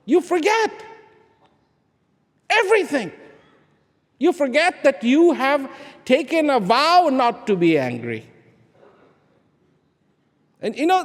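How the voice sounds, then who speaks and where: A man giving a live spiritual talk to an audience, firing rhetorical questions and repeating key words, swinging between loud emphasis and hushed asides. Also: sits high. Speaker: speaker addressing an audience. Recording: long hall reverb.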